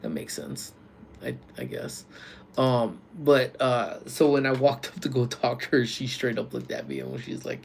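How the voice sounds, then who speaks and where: A man working security, chatting casually with viewers on a live stream from work, using relaxed slang and calling out loud greetings to people joining. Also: medium pitch, moderate pace, vocal fry, a little hiss or hum. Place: workplace community center.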